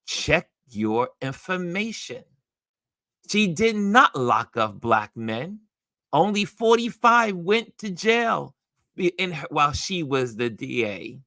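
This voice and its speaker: A man hosts a relaxed livestream chat, his voice swinging widely in pitch as he reacts with emphasis to what viewers post. His tone is bright and forceful, and the sound is close and dry, with little room around it. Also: slow, no room sound. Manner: animated, reacting to viewer comments; laughs often and speaks emphatically. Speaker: livestream host.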